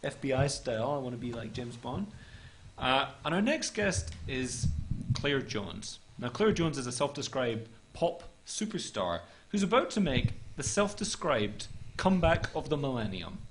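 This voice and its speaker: A man's voice: mid-range voice, very animated, normal speed, slight background noise. A man hosting a comedy talk show, reading viewer notes in a dry, mock-formal way.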